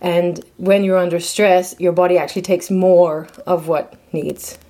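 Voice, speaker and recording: A woman's voice: fairly low pitch, fairly even intonation, a little slow, warm tone. A woman talking casually to camera about health, chatty and hesitant, with many fillers and restarts. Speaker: health vlogger. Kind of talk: casual explanatory talk to camera.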